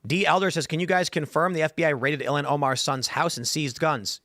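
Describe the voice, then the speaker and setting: A man hosts a podcast, reading viewer comments aloud between casual asides and laughs. His voice sits fairly high and sounds animated. The sound is dry and close. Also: brisk, no room sound. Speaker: podcast host.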